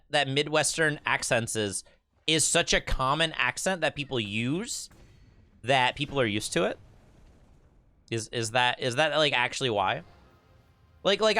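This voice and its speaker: A man's voice: mid-range voice, bright, forceful tone, no room sound. A young man with a Michigan accent, chatting casually to his stream while playing a card game, often stammering and repeating words. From Michigan, USA. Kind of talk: casual gameplay streaming chat.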